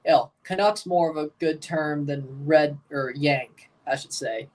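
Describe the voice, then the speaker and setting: A man's voice: fairly high pitch, a little slow, darkish tone, distant mic. A man with a Southern American accent hosting a livestream soccer watchalong, chatting casually in a rambling, folksy, emphatic way. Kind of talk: casual live match reaction.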